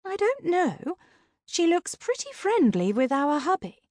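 A woman's voice: measured pace, no room sound, heavily acted. A woman reading an audiobook, voicing a wry, teasing female ghost sidekick with sarcastic quips in a raised voice. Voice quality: higher, lively voice.

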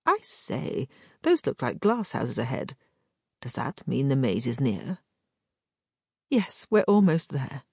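A woman's voice: extremely low pitch, big pitch swings, takes it slowly, creaky, long pauses, husky, dry recording, studio quality, full character voice. A woman voicing a genteel young lady, polite and light. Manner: polite, light and well-mannered. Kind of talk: audiobook character voice.

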